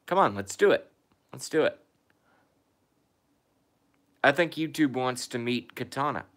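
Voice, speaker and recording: A man's voice: medium pitch, lively intonation, measured pace, fairly bright tone. A man hosting a casual live stream from home, reading viewer comments aloud and answering them.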